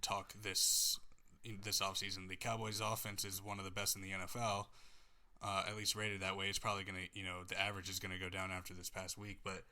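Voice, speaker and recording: A man with a low, bright-edged voice trades sports takes on a podcast. He rambles and restarts his sentences, and his jokes have a sarcastic bite. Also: monotone, fairly quick. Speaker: podcast co-host. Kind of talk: casual sports chat.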